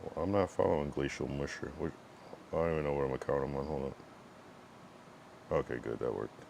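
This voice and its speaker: A man's voice: rumbling low, steady tone, fairly quick, creaky, darkish tone, a little hiss or hum. A male streamer chatting casually to his viewers, rambling, profane and blunt, with lots of fillers. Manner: talks to chat while fiddling with his stream setup. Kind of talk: casual livestream chat.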